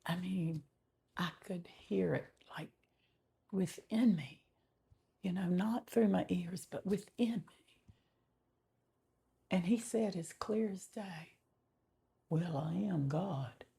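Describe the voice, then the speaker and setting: A middle-aged woman giving a slow, heartfelt personal faith testimony, often dropping to a whisper. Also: fairly low pitch, mellow. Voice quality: gravelly and very husky. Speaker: testimony vlogger.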